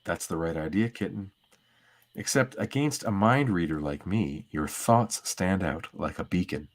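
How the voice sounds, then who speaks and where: A calm, reassuring woman telepath from a comic, as a man reads her in his own voice. He keeps the voice fairly low and even and talks in a gentle way. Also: unhurried. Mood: sly.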